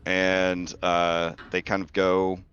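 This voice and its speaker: A man narrating a tabletop game as game master, slow and halting with many fillers. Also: low-pitched, monotone, a bit bright, clear, resonant tone, lo-fi sound, faint music behind.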